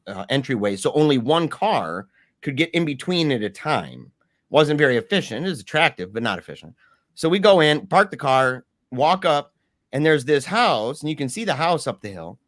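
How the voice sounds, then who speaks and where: A man guest telling a story in casual talk, animated, with many restarts and fillers. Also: medium pitch, no echo, studio quality.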